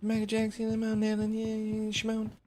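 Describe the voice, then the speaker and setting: A man doing a mocking impression of a soft-spoken, high-voiced male pop star in a hushed falsetto. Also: completely flat delivery, fairly quick, slight background noise, close to an everyday voice. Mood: mocking, sugary.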